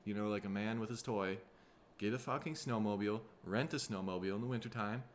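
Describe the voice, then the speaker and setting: A somewhat low-voiced man talks through a loose, solo podcast monologue. He sounds tired and his throat is rough, and he rambles along in a laid-back, profane way. A faint noise sits under the voice. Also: fast talker. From Minnesota, USA. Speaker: podcast host.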